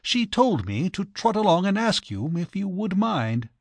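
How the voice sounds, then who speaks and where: A chirpy young English gentleman, as a man reads him, rattling along in airy slang. His voice rides high and swoops up and down, close and dry. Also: sing-song, dry recording, heavily acted. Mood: cheery. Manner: breezy upper-class slang, fast and bright.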